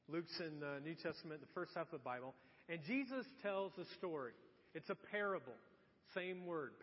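A man with a high voice preaches a sermon in a relaxed, conversational way. He poses rhetorical questions and briefly acts out the voices of the people in his examples. The recording is dull and muffled, with a long hall reverb around him. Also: slightly rough. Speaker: pastor. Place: church.

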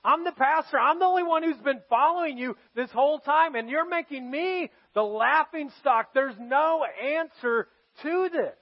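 A pastor putting on an anguished prophet crying out to God. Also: male voice, extremely high pitch, pitched above the performer's own voice. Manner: pleading, raised, drawn-out lament. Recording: dull lo-fi sermon recording.

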